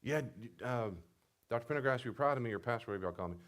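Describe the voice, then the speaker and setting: A man's voice: mid-range voice, lively intonation, fast talker, voice pushed up, natural voice. Smug proud counselee, a man doing the voice. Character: self-satisfied counselee bragging to his counselor.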